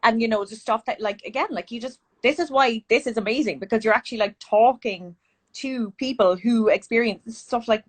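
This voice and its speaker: A woman's voice: fairly high pitch, brisk. A woman with an Irish accent interviewing a guest in casual chat over a video call, talking with lots of fillers. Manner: chatty, many fillers.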